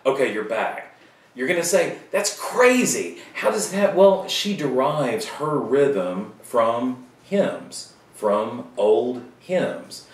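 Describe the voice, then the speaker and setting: A man giving a recorded writing lecture to students, casual and joking, with quick asides. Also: fairly low pitch. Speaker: writing teacher. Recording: roomy sound from a distant mic.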